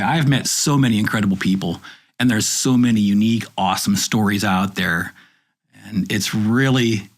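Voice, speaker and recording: A man, a journalist, chatting in a rambling, enthusiastic storytelling way. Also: fairly low pitch. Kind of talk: casual chat.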